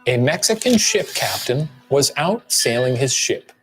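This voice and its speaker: A man's voice: medium pitch, very animated, unhurried, fairly bright tone, faint music behind. A man co-hosting a show, presenting true-crime theories from a script with playful banter and silly voices for the people he quotes.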